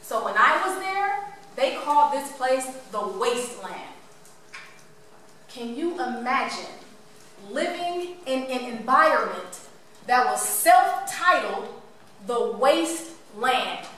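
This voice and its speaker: A woman tells her story to a live audience in a high, lively voice. She is playful and keeps asking the room questions. The sound is echoey and distant, with faint room ambience behind her. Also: slow pace, a little hiss or hum. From Cleveland, Ohio. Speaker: motivational speaker.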